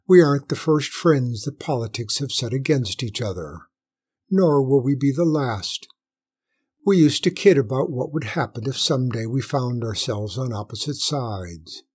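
A man's voice: medium pitch, lively intonation, normal speed, darkish tone, slightly rough. A man doing a stern space fleet commander. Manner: clipped, commanding. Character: stern male human space commander, firm and authoritative.

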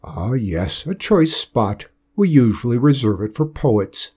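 A man's voice: medium pitch, sing-song, a little slow, dark tone, slightly rough. A man voicing Death as a chatty, officious male figure who relishes his bookkeeping, in a storybook reading. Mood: self-pleased.

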